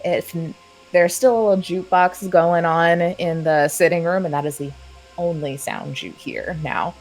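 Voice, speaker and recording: Low-voiced woman running a tabletop game. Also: fairly even intonation, moderate pace, darkish tone, soft background music, low-quality recording. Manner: casual, chatty narration with fillers. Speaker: game master.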